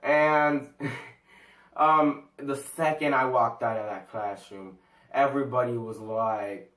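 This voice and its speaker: A man's voice: medium pitch, fairly even intonation, takes it slowly, fairly bright tone, reverberant, distant mic. A teenage guy telling a school story in a casual storytime vlog, rambling, slangy and full of fillers. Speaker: vlogger.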